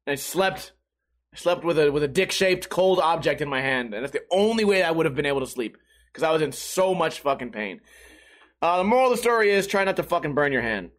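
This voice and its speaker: A young man with a high-pitched voice hosts a casual solo podcast, streamed live. He rambles through stories, swears freely and pokes fun at himself. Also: lively intonation, fairly quick. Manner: rambling, profane, self-mocking.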